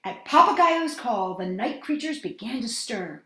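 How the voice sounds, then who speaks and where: Woman storytime host, bright lively read-aloud, echoey room. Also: a little high, a little slow, a little hiss or hum. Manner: animated and expressive. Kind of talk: reading a picture book aloud to children.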